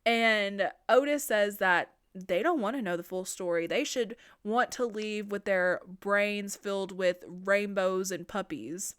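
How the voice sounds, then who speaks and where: A woman hosting a podcast and recapping a horror movie in a casual, profane, animated way. Her voice is smooth and clear at a middle pitch. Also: unhurried, few pauses. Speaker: podcast host.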